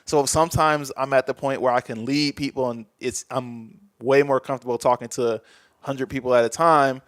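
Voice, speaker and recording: A man's voice: mid-range voice, steady tone, normal speed, a bit bright, no echo. A man talking candidly as a podcast guest in a casual chat, reflective and often trailing off mid-thought.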